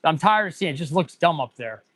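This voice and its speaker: A man's voice: on the high side, animated, quick pace, a bit bright, no room sound. A man in his forties, an auto mechanic hosting a casual livestream, rambling and answering viewer chat as he goes. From United States.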